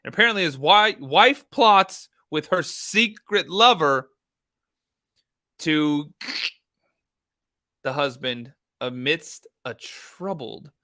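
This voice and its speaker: A man's voice: a little high, animated, slow pace, dry recording, clean studio sound. A man hosting a live true crime reaction stream, talking bluntly to his chat. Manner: loud, blunt, talks to chat.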